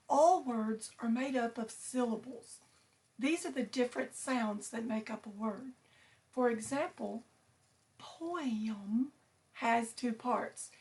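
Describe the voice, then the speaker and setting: A woman teacher reading a picture book aloud to her students, slow and clear, stressing each syllable. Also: a little high, darkish tone.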